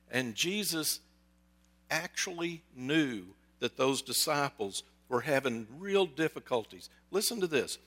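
A pastor preaching a sermon in a conversational, storytelling way, with jokes and asides. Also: male voice, a little high, a bit bright. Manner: acts out quoted voices.

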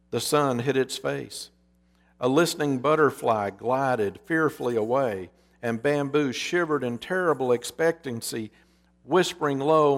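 A man preaching a sermon and telling a parable in a measured way. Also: medium pitch. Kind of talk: sermon with storytelling.

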